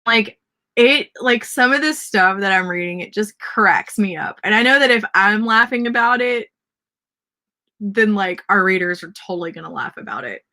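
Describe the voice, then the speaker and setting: A woman's voice: mid-range voice, lively intonation, moderate pace, sharp tone. A woman with a Southern accent hosting a casual livestream writing sprint and cheering on viewers' word counts. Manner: chatty, cheers readers' comments. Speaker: livestream host.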